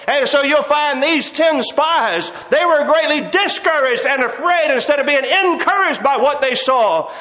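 A man's voice: extremely high pitch, measured pace, hardly any pauses, sharp tone, reverberant, poor audio. A man preaching a sermon, quoting old-fashioned scripture and calling his listeners "my friends.". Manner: reads scripture in old-fashioned King James phrasing, addresses listeners as "my friends".

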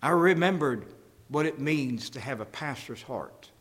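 A man's voice: medium pitch, expressive, a little slow, a bit bright, big-room sound. A man preaching a sermon as pastor, folksy and jokey, acting out conversations as he goes.

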